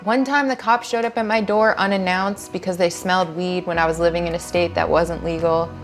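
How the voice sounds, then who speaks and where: A woman's voice: on the low side, steady tone, fairly quick, faint music behind. A young woman comedian casually telling a rambling story, with lots of fillers, restarts and giggles. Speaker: comedian guest. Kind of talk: casual storytelling while getting high.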